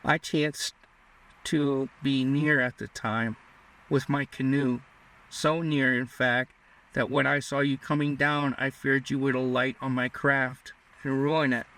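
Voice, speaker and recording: A man reading the part of a sweet young frontier maiden who speaks in a low, composed voice. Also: level tone, slow pace, fairly bright tone. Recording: distant mic.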